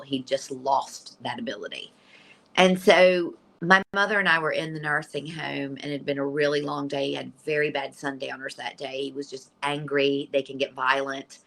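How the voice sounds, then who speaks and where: Low, bright-voiced woman telling a story. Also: creaky, rough recording. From Virginia, USA. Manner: earnest, animated storyteller with frequent restarts. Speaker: interview guest. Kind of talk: personal storytelling in an interview.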